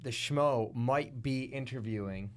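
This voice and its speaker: A man's voice: mid-range voice, a little slow. A man hosting a podcast in casual chat, easygoing with short replies. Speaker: podcast host.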